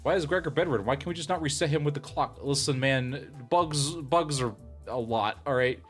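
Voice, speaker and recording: A male streamer talks easily with his chat in a mid-range voice, laughing and poking fun at himself. Faint music plays quietly under his voice. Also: medium pitch, brisk. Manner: chatty, laughing, self-deprecating. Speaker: streamer and voice actor. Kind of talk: casual chat with a live stream audience.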